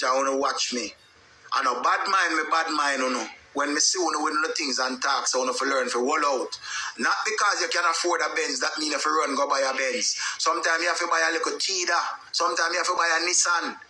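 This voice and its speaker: A man with a Jamaican accent giving casual, animated gossip commentary. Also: fairly high pitch, brisk, reverberant, a little hiss or hum, low-quality recording. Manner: animated, emphatic storytelling.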